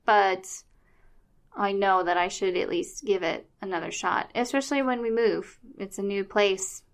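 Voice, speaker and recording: A woman in her thirties co-hosting a casual podcast chat. She rambles along enthusiastically, her voice sitting at an ordinary middle pitch. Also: moderate pace. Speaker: podcast co-host.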